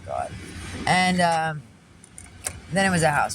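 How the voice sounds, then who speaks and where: A woman telling a story in a loud, animated, profane way, recorded in a car. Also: lowish voice, normal speed, slight background noise, low-quality recording. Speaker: delivery driver and vlogger. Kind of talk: casual storytelling.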